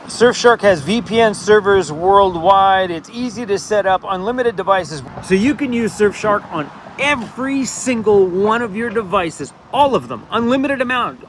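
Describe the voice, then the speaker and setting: A man's voice: high-pitched, slight background noise. A Canadian man chatting casually and energetically in a vlog, joking as he goes. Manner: upbeat, jokey, energetic. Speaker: vlogger.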